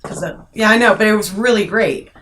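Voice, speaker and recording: A woman's voice: mid-range voice, brisk, a bit bright. A middle-aged woman co-hosting a podcast, telling long rambling stories and swearing freely in casual chat. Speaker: podcast co-host.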